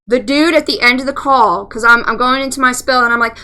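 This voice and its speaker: A woman's voice: high voice, a little fast, hardly any pauses, sharp tone, clear, resonant tone. A woman telling a story in a profane, chatty way while playing a game. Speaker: let's play gamer. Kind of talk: casual storytelling while gaming.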